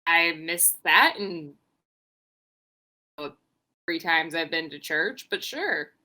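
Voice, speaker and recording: A woman's voice: deep voice, slow. A young woman co-hosting a podcast, recapping wrestling in casual chat, swearing freely and acting out what people said. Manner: animated, swearing, acts out quotes. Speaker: podcast co-host.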